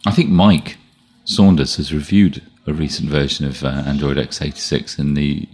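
Super deep voiced guy cohosting a tech podcast, rambly, keeps restarting sentences. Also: moderate pace, darkish tone, husky. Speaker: podcast co-host. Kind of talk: casual tech chat.

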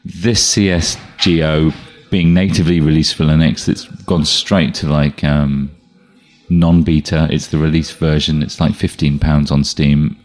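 Very deep-voiced man. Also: fairly even intonation, a little slow, a little mellow. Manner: rambling, restarts sentences often. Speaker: podcast co-host. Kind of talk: casual tech chat.

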